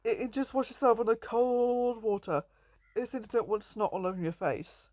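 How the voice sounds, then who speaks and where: Commentating her survival game at a moderate pace, a young woman chats playfully, often laughing and saying hello to animals. Her fairly high voice has a darkish tone, recorded with no echo, in a casual let's-play style.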